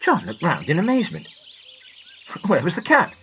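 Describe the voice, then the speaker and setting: A woman narrating a children's storybook in a gentle, expressive manner. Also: on the low side, moderate pace, husky, muffled recording.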